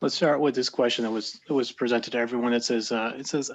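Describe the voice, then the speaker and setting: Flat, even male organizer, dull lo-fi call audio from off-mic. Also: mid-range voice, fast talker, hardly any pauses.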